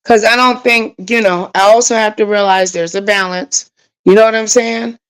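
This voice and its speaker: A woman's voice: medium pitch, steady tone, normal speed, smooth, poor audio. A woman hosting a casual livestream, talking straight to her viewers in a frustrated, rambling way. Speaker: livestream host.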